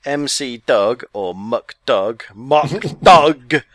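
A man putting on a deliberately bad Scottish accent, slow and exaggerated. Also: mid-range voice, expressive, pitched above the performer's own voice. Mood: jokey. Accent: mock Scottish.

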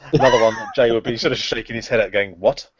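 A man's voice: mid-range voice, fast, husky. A man co-hosting a podcast, leading the casual chat with lots of ums and uhs. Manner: chatty, hesitant with frequent ums and uhs. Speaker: podcast co-host leading the discussion. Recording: dry, dull lo-fi sound.

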